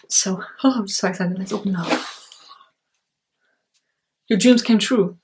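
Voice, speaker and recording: This woman is a beauty vlogger doing an excited unboxing indoors at home, talking into a camera mic with gushes, gasps, and breathy exclamations. Her voice sits mid-range at a normal speed, broken by long pauses, with a little hiss or hum in the background.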